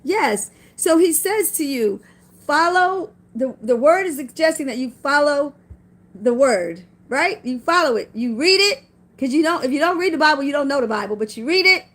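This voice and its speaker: High-voiced middle-aged woman, folksy preaching. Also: fairly bright tone. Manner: folksy, preachy, repeats phrases for emphasis. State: tearful at times. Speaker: vlogger. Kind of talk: casual spiritual talk with scripture.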